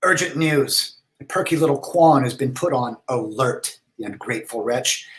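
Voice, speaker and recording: For comedy, a man reads letters aloud as an eccentric, pompous, flamboyant letter writer, using a high, theatrical voice and stretching out his words. His tone is animated, fairly bright and grandiose, his voice natural, and the audio poor.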